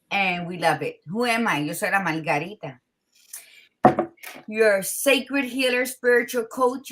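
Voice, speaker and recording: Tired, bright-voiced woman host. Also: mid-range voice, slight background noise. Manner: blunt, expressive, mixes Spanish greetings. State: tired morning voice. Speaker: podcast host. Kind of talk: casual chat.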